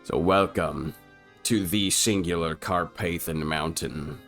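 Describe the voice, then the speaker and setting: A man's voice: low-pitched, slow pace, creaky, fairly bright tone, soft background music. A young man riffing comedically over an old film, loose and irreverent. He swears freely and laughs at his own jokes in a casual, unscripted way. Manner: irreverent, profane, laughing often. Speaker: film commentator.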